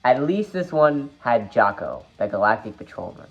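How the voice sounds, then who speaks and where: A woman giving an animated fan review of a film, emphatic and exasperated, with her voice leaping up when she gets upset. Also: very deep voice, moderate pace, highs cut off, soft background music.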